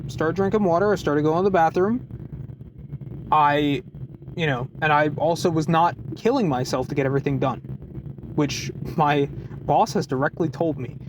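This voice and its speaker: A man telling a work story in a casual, animated vlog, with many restarts and short laughs. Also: on the high side, moderate pace, long pauses, noisy background. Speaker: deli worker venting in a vlog. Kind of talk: casual chat.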